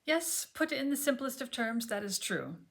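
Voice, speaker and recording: A patient, even-tempered man, as a woman storyteller reads him aloud from an audiobook chapter. He lays out a puzzling truth slowly and calmly, never raising his voice. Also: gravelly, exaggerated voice. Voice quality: deep masculine voice. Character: man in his original body, calm and explanatory.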